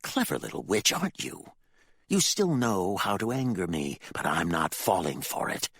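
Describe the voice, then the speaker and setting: A man's voice: low-pitched, very animated, normal speed, breathy edge, dry recording, clean studio sound, heavily acted. A man reading an audiobook voices a vicious, hypocritical middle-aged preacher father, his voice thick with rage, cold and menacing. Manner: cold and menacing, bursts into shouting. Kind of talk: audiobook character voice.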